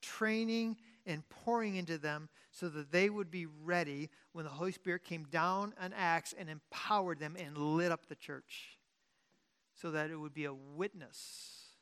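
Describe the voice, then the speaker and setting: A pastor preaching a sermon in a conversational way, often restarting and correcting himself, and moving between loud emphasis and quiet asides. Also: medium pitch, unhurried, clean tone.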